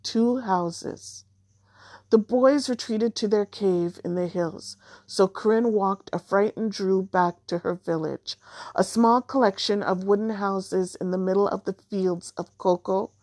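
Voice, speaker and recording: A woman narrating a children's storybook in a measured, even way. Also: mid-range voice, no room sound, clean studio sound. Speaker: audiobook narrator.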